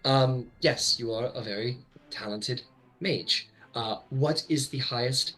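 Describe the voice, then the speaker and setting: A man's voice: mid-range voice, slow pace, fairly bright tone, soft background music, low-quality recording. A man voicing a composed female elf grand mage who speaks formally and courteously. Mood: questioning.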